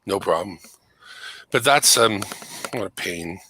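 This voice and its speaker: A man with a bright, forceful voice that sits low for a man, talking casually from his home computer setup. He explains things at length in an easygoing, chatty way. The sound is dry and close. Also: lively intonation, slow pace, slightly rough, dry recording, poor audio. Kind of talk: casual chat.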